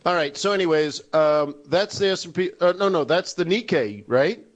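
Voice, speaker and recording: A man's voice: a little high, lively intonation, moderate pace. A man in his forties hosting a live trading webinar, joking and laughing at his own jokes. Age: 40s. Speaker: forex webinar host.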